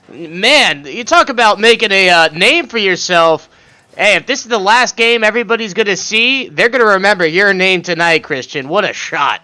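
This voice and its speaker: A man's voice: high voice, sharp tone, clean tone. A man doing color commentary on an esports match, cracking puns and laughing often.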